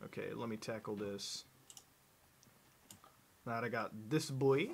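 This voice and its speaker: A man streaming a video game live, commenting as he plays and reading chat messages in a profane, excitable and mocking manner with sudden shouts. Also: medium pitch, normal speed, long pauses, slightly rough.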